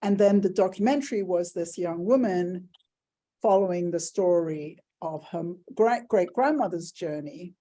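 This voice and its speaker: A middle-aged woman from England hosting an interview over a video call, chatty and animated as she tells stories and acts out quotes. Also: on the low side, measured pace. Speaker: interview host. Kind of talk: casual conversational interview.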